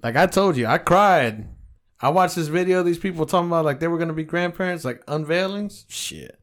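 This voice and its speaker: A middle-aged man co-hosting a podcast, telling stories in casual chat, heavy on profanity and animated. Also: on the high side, brisk. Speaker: podcast co-host.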